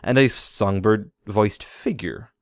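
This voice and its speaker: A man with a lowish voice co-hosts a casual podcast, reading through a list of toy news. He throws in jokey puns as he goes, and his voice sounds dry and close to the mic. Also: takes it slowly, dry recording. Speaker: podcast co-host.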